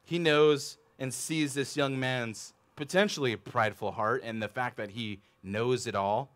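In an unhurried, mid-range voice, a thirty-something pastor preaches to his church. His sermon is animated and conversational, and he often turns to the congregation with questions.

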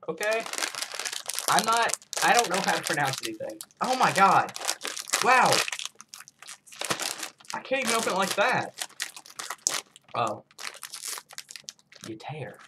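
A man's voice: sits high, very animated, slow, long pauses, background noise. A man from the United States rambling through a casual snack taste-test vlog, full of self-mocking asides. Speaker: vlogger.

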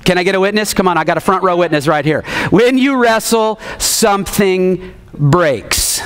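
A man in his thirties preaching a sermon, telling stories with animated refrains and calling on the congregation. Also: sits high, normal speed, clear, resonant tone. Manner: animated storytelling, repeats refrains, calls on the congregation. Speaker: pastor.

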